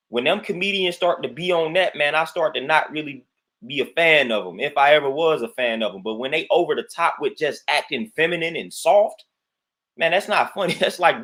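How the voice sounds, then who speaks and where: Male livestream host on a repetitive, emphatic rant, peppered with "man" and shout-outs to chat. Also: on the high side. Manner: greets viewers in chat between points.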